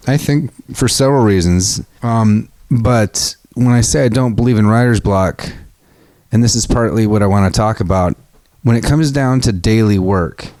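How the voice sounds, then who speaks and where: A man's voice: lowish voice, mellow, no echo. A man hosting a solo podcast, talking casually and frankly, swearing freely and restarting his sentences often. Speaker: podcast host.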